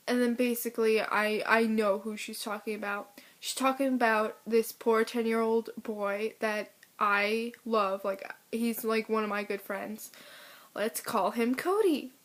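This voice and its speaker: A woman's voice: on the high side, fairly even intonation, measured pace, a bit bright. A teenage girl ranting to camera, telling a story in an exasperated, indignant way. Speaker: vlogger.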